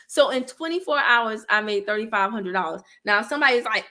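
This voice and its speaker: A woman's voice: mid-range voice, moderate pace, few pauses, bright, forceful tone. A woman in her thirties hosting a casual livestream, talking candidly with viewers, reading their comments aloud and laughing often. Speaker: online business coach and livestream host.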